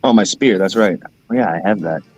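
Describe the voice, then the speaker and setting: A man's voice: fairly low pitch, fairly quick, dry recording, faint music behind. A man playing a tabletop game, talking loosely and joking with casual swearing. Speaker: player. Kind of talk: casual game-night chat.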